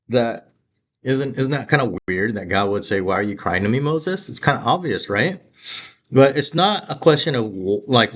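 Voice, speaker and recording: A man giving a relaxed Bible talk, his voice sitting at an ordinary middle pitch. He rambles conversationally, often pausing on fillers and restarting his sentences. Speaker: Bible teacher. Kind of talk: casual Bible teaching talk.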